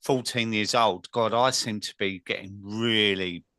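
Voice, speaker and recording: A man from England hosting a podcast, talking in a relaxed way and sharing his own stories with his guest. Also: lowish voice, a little slow, smooth, no echo, studio quality. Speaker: podcast host. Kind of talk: conversational interview.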